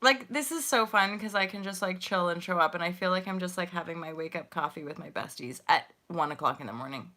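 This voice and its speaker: Woman, 40s, bright voice, playful slang, livestream chat. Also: fairly low pitch, a little fast, hardly any pauses. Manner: chatty, playful slang, frequent laughter. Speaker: livestream host.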